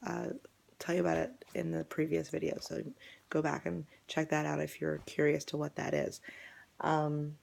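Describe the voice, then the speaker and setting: A young adult woman, a fitness vlogger, losing her voice and sounding hoarse, talking casually to camera with many fillers and restarts. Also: sits low, completely flat delivery, normal speed, a little mellow. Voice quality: hoarse, gravelly.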